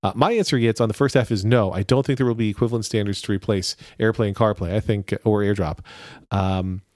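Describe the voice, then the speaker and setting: A man's voice: on the low side, quick pace, a little mellow, no room sound, clean studio sound. A man in his forties hosting a podcast, reading listener questions and joking with his co-hosts in casual chat. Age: 40s. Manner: jokey, reads listener questions. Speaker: podcast host.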